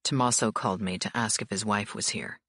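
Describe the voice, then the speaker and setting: A cool, controlled mafia boss in a lowered, gravelly voice. He speaks calmly and evenly, with a husky edge, and the recording is dry and close. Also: no room sound, heavily acted. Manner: calm, low, measured delivery.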